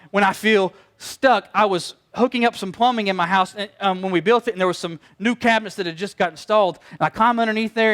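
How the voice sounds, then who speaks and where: A middle-aged male pastor with a high voice preaches a sermon animatedly, telling stories and acting out the voices of the people he quotes.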